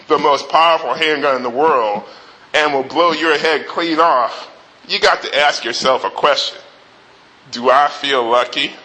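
A man voicing a tough male cop who slowly taunts a robber, in a bright, forceful voice. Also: on the high side, poor audio.

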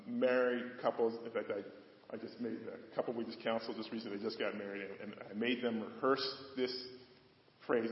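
A man's voice: medium pitch, echoey room, in a large hall, highs cut off. A man giving a folksy sermon, joking with his congregation as he talks. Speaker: preacher.

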